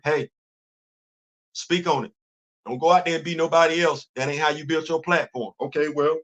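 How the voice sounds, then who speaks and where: A man's voice: a little high, fairly bright tone, muffled recording. A middle-aged man hosting a livestream, talking fervently and colloquially in a preachy tone as he answers his live chat. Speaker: livestream host. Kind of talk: impassioned livestream commentary.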